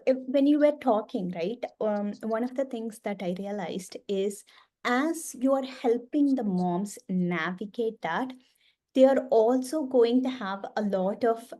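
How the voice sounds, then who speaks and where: A woman's voice: mid-range voice, a little mellow. A woman hosting a webinar discussion, asking long thoughtful questions with many hesitations. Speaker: webinar host.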